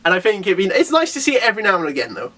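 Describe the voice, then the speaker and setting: A young man in a casual manga chapter review, excitable and rambling, who laughs often and breaks into character voices. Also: high-pitched, rapid-fire.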